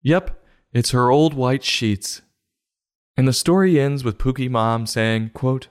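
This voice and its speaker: A man hosting a comic book review show, delivering mock-serious, sarcastic commentary in a deadpan way. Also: medium pitch, slow pace, clean tone. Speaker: host.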